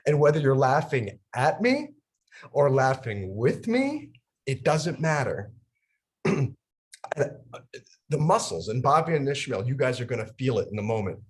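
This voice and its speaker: A young adult man from New York leads laughter yoga on a video call. He talks with bubbling energy, laughs through his sentences and chants ha-ha to get people going. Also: medium pitch. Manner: animated, laughs through his words, bursts into loud ha-ha chanting. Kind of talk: energetic instructional talk.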